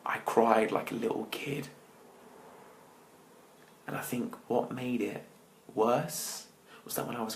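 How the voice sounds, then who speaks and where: A man, a motivational speaker, telling his personal story to an audience with dramatic pauses, often dropping his voice to near-whispers. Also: fairly low pitch, vocal fry, slight background noise, rough recording.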